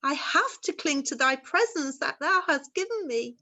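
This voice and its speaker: Woman acting a high bright ghost mum, old-timey thee and thou talk, begging and earnest. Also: lively intonation, normal speed, exaggerated voice. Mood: pleading. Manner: archaic thee-and-thou speech, earnest and pleading. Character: pleading ghostly young mother, old-fashioned speech. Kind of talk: amateur stage drama.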